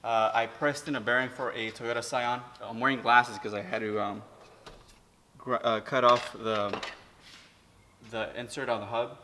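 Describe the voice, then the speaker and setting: A man's voice: medium pitch, steady tone, moderate pace, bright, forceful tone, long reverb tail, slight background noise. A man, a mechanic, chatting casually as he works in his repair shop, explaining each step and swearing now and then. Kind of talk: casual how-to vlog.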